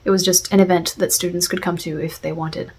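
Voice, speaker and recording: A woman's voice: on the low side, fairly even intonation, fairly quick, darkish tone, slightly rough. A woman talking through a series review in a casual, reflective way, with many fillers and restarts. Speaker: video essayist.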